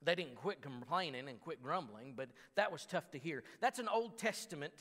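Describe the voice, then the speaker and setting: A man's voice: on the high side, lively intonation, normal speed, a bit bright. A man preaching a sermon as pastor, talking in a conversational way with frequent restarts and stammers, and reading scripture aloud with mounting force. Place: church sanctuary. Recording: long church hall reverb.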